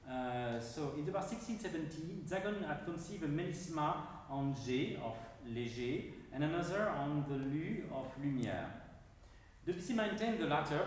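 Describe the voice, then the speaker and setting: A man with a French accent giving an academic lecture on music, speaking carefully and haltingly while pointing to score examples. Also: a little high, slight background noise. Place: large lecture hall. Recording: echoey hall, mic far off.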